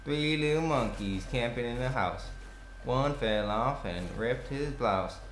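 A young man giving excitable gameplay commentary, swearing and yelling at the game. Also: mid-range voice, a little slow. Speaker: gaming commentator. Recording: echoey room with faint noise.

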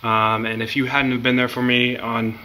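Young man, flat and bright, sincere. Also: medium pitch, normal speed, rough recording. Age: young adult. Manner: casual, sincere, slightly awkward. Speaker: youth group member.

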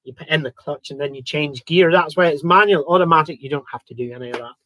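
A man's voice: fairly high pitch, fast talker, sharp tone, slight background noise. A man hosting a live online quiz, chatting with viewers and joking between questions. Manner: chatty, reads out viewer comments and jokes around. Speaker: quiz host. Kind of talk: live-streamed quiz chat.

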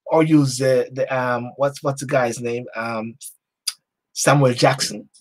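Speaking slowly in a mid-range voice with a steady tone, a man hosting a talk show gives a fervent, sermon-like motivational monologue. He chants his slogans repeatedly and swings between hushed and loud delivery.

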